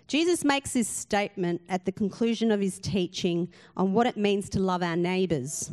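A woman's voice: medium pitch, a little mellow. Woman pastor preaching earnestly. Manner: earnest, emphatic preaching with rhetorical questions. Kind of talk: sermon.

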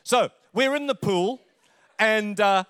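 A man's voice: high voice, slow pace, a bit bright, clean tone. A middle-aged man with an Australian accent, preaching a conversational sermon and telling stories with jokes along the way. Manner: chatty, joking storyteller. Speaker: pastor.

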